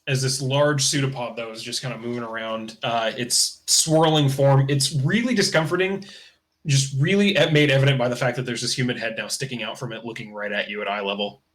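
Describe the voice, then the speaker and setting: A man's voice: medium pitch, steady tone, a little fast, a bit bright. Casual male game master narrating. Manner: casual, loose narration with fillers like "kinda" and "uh".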